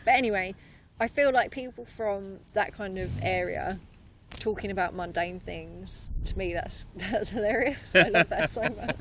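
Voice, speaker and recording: A woman improviser talks casually as a podcast guest, laughing often and filling pauses with ums and likes. Her voice sits at an ordinary pitch. A faint hiss of background noise runs under the recording. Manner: lively, laughing, chatty with many fillers. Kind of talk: casual interview chat. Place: London.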